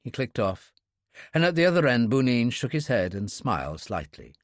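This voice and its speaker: A man narrating a thriller audiobook in a steady, measured storytelling manner. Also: medium pitch, dry recording, studio quality. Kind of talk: scripted narration.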